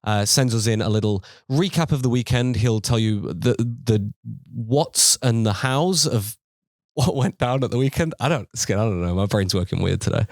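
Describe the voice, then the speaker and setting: Low-voiced man rambling into a segment. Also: darkish tone, no echo, studio quality. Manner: rambling, hesitant, with fillers and restarts. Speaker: podcast host. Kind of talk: casual podcast chat.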